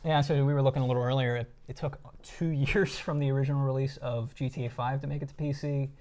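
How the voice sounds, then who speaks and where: A man co-hosting a tech live stream, presenting deals in a relaxed way with dry remarks. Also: mid-range voice, quick pace. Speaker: stream co-host. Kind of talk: casual tech news chat.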